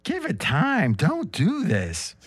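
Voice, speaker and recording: A man voicing a soft-spoken, whispery wife who pleads with her husband, in a comic podcast reading. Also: on the high side, huge pitch swings, takes it slowly, breathy edge, exaggerated voice. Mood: pleading.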